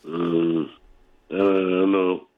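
A man's voice: deep voice, flat delivery, drawn-out words. A man calling into a radio quiz, answering hesitantly and unsure of himself. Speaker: caller. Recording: dull phone line.

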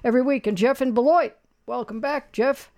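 A man's voice: very high voice, fairly quick, a little mellow. A man hosting a radio call-in show, chatting casually with callers and running a trivia quiz in a rambling, folksy way full of fillers.

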